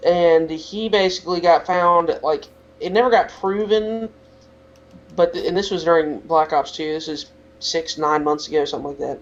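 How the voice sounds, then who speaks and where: A man's voice: fairly high pitch, steady tone, moderate pace, dull audio. A teenage boy co-hosting a podcast, talking in a rambling casual rant full of "like" fillers. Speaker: podcast co-host.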